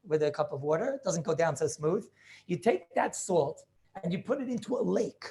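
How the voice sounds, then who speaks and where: A man's voice: on the high side, expressive, moderate pace, dark tone. A man in his forties, a rabbi teaching an informal class over a video call, stressing points by repeating them and asking rhetorical questions. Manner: emphatic, repetitive preaching with rhetorical questions.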